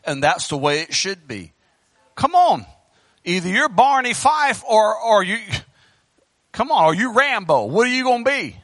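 Male pastor, high-pitched, bright tone, passionate sermon delivery into a church microphone. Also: big pitch swings, measured pace, no echo. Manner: fervent preaching, swinging between loud bursts and hushed pleading. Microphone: handheld microphone.

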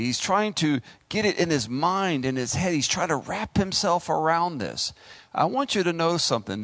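A man preaching a sermon in an animated, conversational way, joking with the congregation. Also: medium pitch, dry recording.

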